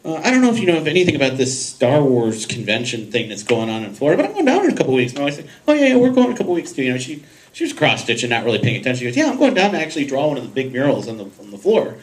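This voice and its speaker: A man's voice: mid-range voice, racing, few pauses, low-quality recording. A man on a podcasting panel telling a casual story to the audience, acting out the voices of people in it and laughing often. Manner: animated, acts out voices in his anecdotes, laughs often. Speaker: podcast host on a convention panel.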